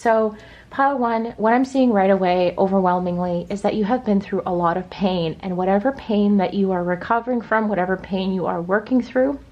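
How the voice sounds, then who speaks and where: A woman reading tarot for her viewers in a gentle, reassuring, slow and measured way. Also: mid-range voice, muffled recording. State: choked up. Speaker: tarot reader. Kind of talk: pick-a-card tarot reading.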